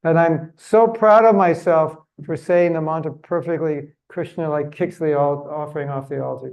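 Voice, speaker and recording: A man's voice: on the high side, fairly even intonation, normal speed, hardly any pauses, darkish tone, rough recording. A man giving a religious seminar talk in a chatty, humorous, self-deprecating way. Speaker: seminar speaker.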